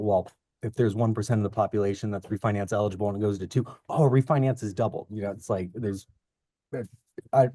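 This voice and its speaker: A man's voice: on the low side, mellow, dry recording, clean studio sound. A young man co-hosting a podcast, rambling and long-winded in casual chat about the market. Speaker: podcast co-host.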